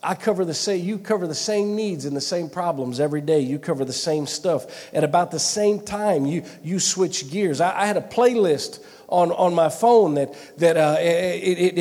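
A man's voice: high-pitched, a little mellow. A man preaching a sermon, telling a personal story earnestly, with frequent restarts and repeated phrases. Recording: long hall reverb.

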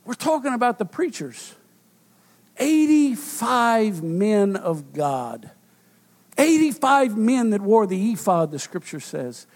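A man preaching a sermon, rising to loud shouts and dropping to hushed tones, with frequent fillers. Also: sits high, sing-song, slow. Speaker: pastor.

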